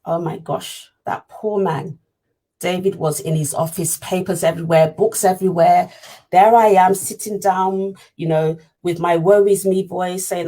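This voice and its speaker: A woman's voice: fairly low pitch, fairly even intonation, a little slow, mellow. A woman in an interview, earnestly telling her story as a parent and repeating phrases for emphasis. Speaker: parent sharing her experience. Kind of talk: personal storytelling talk.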